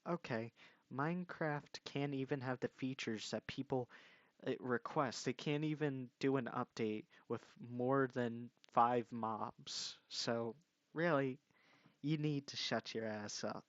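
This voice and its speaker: A young man in a commentary video rants at someone he disagrees with, exasperated, mocking and swearing. His mid-range voice moves slowly. The dull lo-fi mic is dry, with no room sound.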